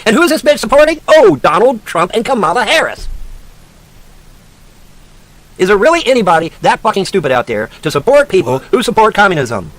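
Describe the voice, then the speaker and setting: Profane ranting man, wildly swinging pitch. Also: sing-song, fast, few pauses, no echo. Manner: profane, mocking, shouting insults at a named woman; sarcastic, lecturing like a teacher. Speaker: online commentator. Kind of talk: angry rant.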